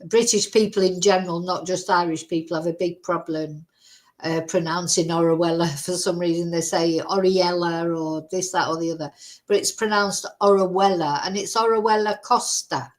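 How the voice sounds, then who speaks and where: A true crime channel host speaks with a fairly low, steady voice at a moderate pace. Her casual livestream commentary is chatty and rambling, packed with fillers.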